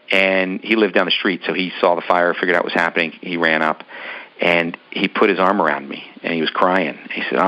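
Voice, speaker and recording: A business owner tells his long personal story casually in an interview, rambling with lots of ums and restarts. His voice is low and a bit bright, and the audio sounds dull.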